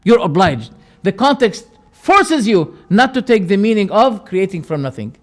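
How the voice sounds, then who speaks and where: A man teaching a lecture on religious creed, emphatic and repeating key words, with sharp rises and quiet drops. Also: sits high, very animated, moderate pace.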